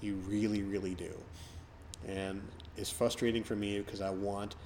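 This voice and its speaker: A man's voice: lowish voice, little pitch movement, moderate pace, darkish tone, slight background noise. A middle-aged man hosting a podcast, talking in a rambling, reflective way with lots of fillers. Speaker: podcast host. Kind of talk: casual podcast chat.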